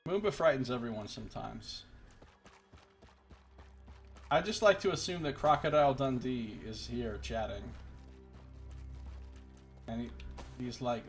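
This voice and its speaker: A man's voice: mid-range voice, lively intonation, unhurried, long pauses. Male streamer, mid-range voice, rambling jokey game commentary, faint music bed. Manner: rambling, joking, exasperated rants. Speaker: let's play streamer. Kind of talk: gameplay commentary.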